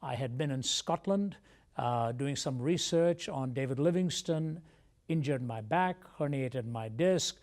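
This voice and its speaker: A man as an interview guest, telling a personal testimony in a measured, reflective way. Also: mid-range voice, animated, a little mellow. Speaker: guest speaker.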